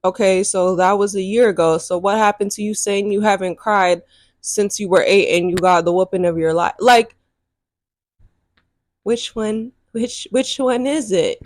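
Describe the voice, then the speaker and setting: A young adult woman telling a dating story to camera in a sassy, animated way, laughing often and swearing freely. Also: mid-range voice, a little slow. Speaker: vlogger. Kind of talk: casual storytime chat.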